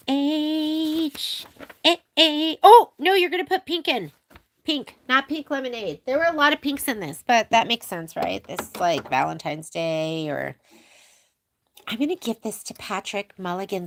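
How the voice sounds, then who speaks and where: A woman's voice: fairly high pitch, a bit bright. A woman hosting a casual live sewing demonstration, chatting with viewers, answering their questions and laughing often. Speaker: sewing shop host. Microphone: handheld phone while filming.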